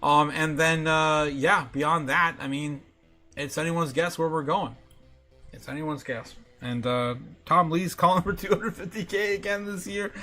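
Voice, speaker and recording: Chatty male stream host, bright and a bit high, laughs a lot. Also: fairly even intonation, measured pace, soft background music. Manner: giggly, filler-heavy, reads chat aloud. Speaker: livestream host. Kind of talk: casual livestream chat.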